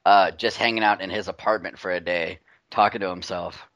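A man with a very low voice jokes and swears casually with his co-hosts. The sound is dry and close, with no room around it. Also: steady tone, a little fast, fairly bright tone, no room sound. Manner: joking, profane banter. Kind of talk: casual chat.

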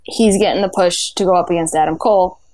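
A woman's voice: fairly low pitch, steady tone, fast, mellow, no room sound. A woman co-hosting a podcast, chatting casually about a wrestling show and sharing her theories. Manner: chatty, laughs often, shares theories. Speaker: podcast co-host. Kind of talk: casual wrestling recap chat.

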